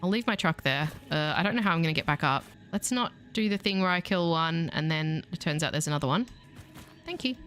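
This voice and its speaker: A woman's voice: deep voice, lively intonation, a little fast, fairly bright tone, soft background music. A woman with an Australian accent giving chatty, playful, self-mocking commentary while streaming a video game. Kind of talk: casual let's-play commentary.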